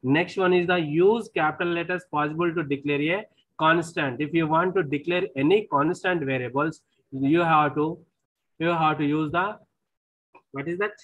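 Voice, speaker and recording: A man with an Indian English accent delivers a recorded classroom lecture in a slightly raised pitch. He explains patiently and repetitively, restating points and often prompting with "see". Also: moderate pace, phone-quality sound.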